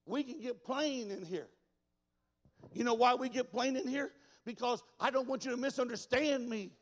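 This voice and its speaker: A man preaching a folksy, emphatic sermon that builds to shouts in a large church. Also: extremely high pitch, moderate pace, big-room sound. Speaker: pastor.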